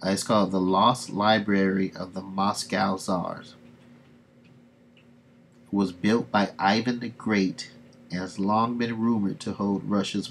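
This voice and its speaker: Low-voiced man chatting on a livestream. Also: slight background noise. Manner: chatty, laughs between remarks. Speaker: livestream host. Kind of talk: casual livestream reading comics aloud.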